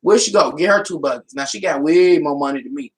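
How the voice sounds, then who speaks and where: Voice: mid-range voice, quick pace, low-quality recording. A tarot reader on a live stream telling a folksy, casual story, laughing often and talking to viewers as y'all. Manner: folksy, colloquial storytelling with quoted dialogue.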